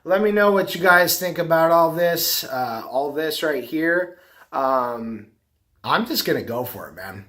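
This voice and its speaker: A man's voice: fairly high pitch, animated, unhurried, sharp tone. A middle-aged man talking casually to the camera, rambling and repeating himself. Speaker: vlogger, carpet cleaner and business owner.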